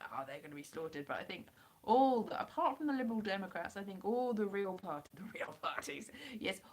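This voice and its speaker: A hoarse woman from the United Kingdom rambling and joking as she chats with viewers on a live stream through a computer mic. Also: medium pitch. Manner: rambling and jokey, chatting to viewers. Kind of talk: casual live-stream chat answering viewers.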